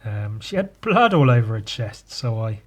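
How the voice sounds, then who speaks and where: Showing off his sketchbook, a man with a lowish voice and big pitch swings talks at a moderate pace into a podcast mic. His commentary is rambling and irreverent, full of swearing and self-mockery.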